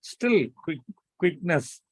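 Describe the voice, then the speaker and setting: Male math teacher, online lecture, coaxing and brisk, dry close-miked sound. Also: fairly high pitch, very animated, slightly rough, dry recording. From India. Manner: coaxing students to answer quickly.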